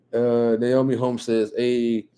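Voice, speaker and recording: A man from New Jersey with a New Jersey accent, hosting a casual live stream, reading viewer comments and chatting in a relaxed way with lots of repeated phrases. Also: medium pitch. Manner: relaxed, repeats phrases, frequent "you know what I'm saying", chuckles often.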